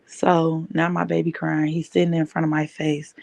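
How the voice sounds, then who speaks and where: Gravelly-voiced woman telling her story. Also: low-pitched, level tone, normal speed, darkish tone, no echo. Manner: emphatic, repeats key phrases. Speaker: podcast host. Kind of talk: personal storytelling.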